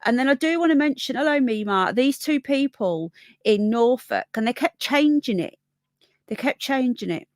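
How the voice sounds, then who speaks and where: Woman, Birmingham accent with a bit of Yorkshire, higher voice, chatty and rambling, dry close sound. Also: animated, moderate pace, no room sound. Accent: Birmingham with a Yorkshire tinge. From Birmingham, England. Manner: chatty, rambling, greets viewers by name. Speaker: livestream host. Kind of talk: casual live chat, reading comments.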